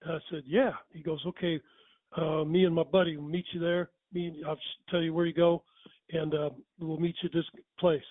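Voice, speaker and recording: Older man, rambling casual storyteller, self-correcting, high-pitched, tinny sound. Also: little pitch movement, moderate pace, no echo.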